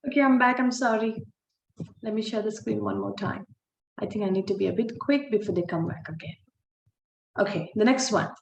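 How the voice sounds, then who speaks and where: A woman teaching a recorded online phonics lesson, sounding out words slowly and breaking off with apologetic asides. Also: mid-range voice, gravelly, roomy sound, dull audio, slight background noise. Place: holiday home by the sea, waves audible.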